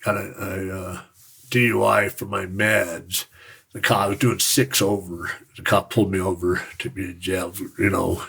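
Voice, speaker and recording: Raspy, hoarse-sounding man from Utah, low-pitched, frank and rambling storyteller. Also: little pitch movement, moderate pace, fairly bright tone. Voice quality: gravelly, raspy voice. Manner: frank, rambling, swears casually. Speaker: podcast guest. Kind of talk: casual storytelling.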